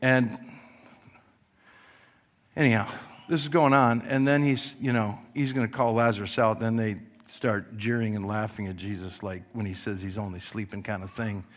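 A middle-aged man preaching a sermon, telling the story with animated delivery that swings from loud to hushed and acting out voices. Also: on the low side, moderate pace. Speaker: pastor.

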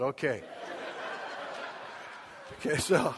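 A middle-aged man preaching a sermon, telling a personal story and acting out scenes with sudden shouts and asides. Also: mid-range voice, steady tone, normal speed, pauses often, slightly rough. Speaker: pastor. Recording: long hall reverb.

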